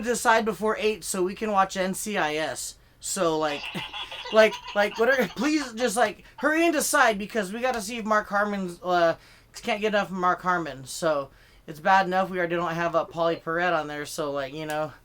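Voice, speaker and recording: A man's voice: high voice, bright, forceful tone. A male comedian filming himself as he rants, swearing freely and getting worked up. His talk rambles, restarts and is full of fillers as he riffs for laughs. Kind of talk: profane comedic political rant to camera. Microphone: filming himself on camera.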